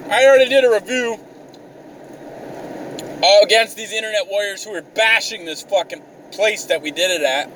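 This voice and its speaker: A man's voice: high voice, normal speed, pauses often, fairly bright tone. A young man ranting exasperatedly in a profane, comedic vlog, swearing constantly. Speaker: vlogger. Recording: mic a bit distant, faint car noise.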